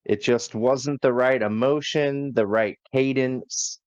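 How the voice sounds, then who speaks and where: A man's voice: medium pitch, fairly even intonation, slow pace, no echo. A man hosting a casual wrestling review chat, recapping unhurriedly with many fillers. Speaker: podcast host. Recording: slightly dull lo-fi recording.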